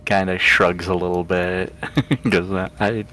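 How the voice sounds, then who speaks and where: A man's voice: low-pitched, steady tone, takes it slowly, bright, forceful tone, poor audio. A man playing a tabletop game, describing and voicing his character in a hesitant, chuckling way. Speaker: player. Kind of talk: tabletop role-play, in character.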